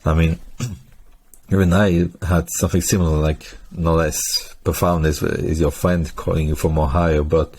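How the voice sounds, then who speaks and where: A man hosting a podcast, chatting in a relaxed, conversational way. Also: very deep voice, a little slow. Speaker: podcast host. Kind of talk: casual interview chat.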